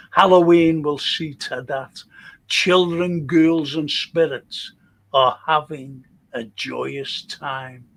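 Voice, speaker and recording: An older man reading aloud a spooky poem he wrote, in a slow, deliberate and dramatic way. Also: a little high, fairly bright tone. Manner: slow, deliberate dramatic reading with a swearing, fumbling chat between. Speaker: amateur poet on a live stream. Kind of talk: reading his own poems aloud. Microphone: computer mic on a live stream.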